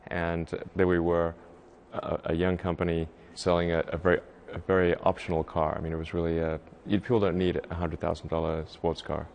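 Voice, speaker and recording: Halting man with a very low voice. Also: flat delivery, vocal fry, darkish tone, a little hiss or hum. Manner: halting, with many restarts and fillers. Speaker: interviewee, entrepreneur. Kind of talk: interview answers.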